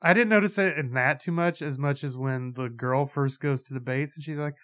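A man's voice: medium pitch, fairly quick, fairly bright tone. A man in casual chat reviewing a movie, blunt and sarcastic, swearing freely.

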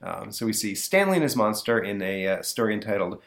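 A man's voice: on the low side, very animated, fairly quick, gravelly, a bit bright. A man hosting a podcast, chatting casually through an old comic book with lots of fillers. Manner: rambling, lots of fillers and restarts. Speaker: podcast host.

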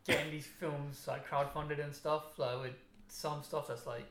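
A young man talks films in a relaxed, offhand way and swears freely. His voice sits a little high for a man, and it rings in an echoey room. Steady background noise runs under him. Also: unhurried. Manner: laid-back, swears often. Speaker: film chat participant. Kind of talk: casual chat.

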